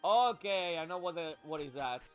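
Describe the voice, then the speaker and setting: A man casually commenting on a game he is playing, excitable and swearing often. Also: on the high side, moderate pace, clean tone, faint music behind. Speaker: gaming streamer. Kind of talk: casual let's-play commentary.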